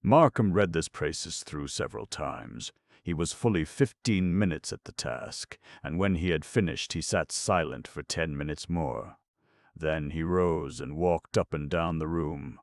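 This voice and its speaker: Very deep, gravelly male audiobook narrator. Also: measured pace, no echo, studio quality. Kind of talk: scripted narration of a 1920s mystery novel.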